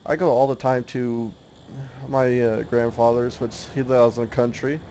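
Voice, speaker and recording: A man's voice: medium pitch, level tone, normal speed, dark tone, dull audio, slight background noise. A young man from the US South, a race broadcaster calling an online sim race in a chatty way and laughing often. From Oklahoma, US South. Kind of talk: sim racing commentary.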